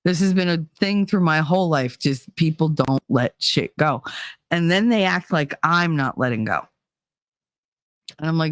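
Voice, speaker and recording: A woman's voice: low-pitched, expressive, measured pace, no echo, clean studio sound. A woman hosting a casual chat show, telling stories in a blunt, profane way and laughing often. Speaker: podcast host.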